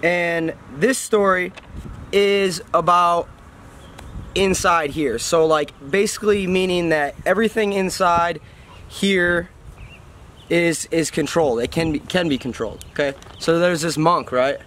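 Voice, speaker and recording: A man with a somewhat high voice telling motivational stories in an animated, casual way. He shifts into little voices for his characters. Faint traffic drifts by outdoors. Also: a little slow. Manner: animated storytelling, acts out voices. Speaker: host and storyteller. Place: outdoors by a road.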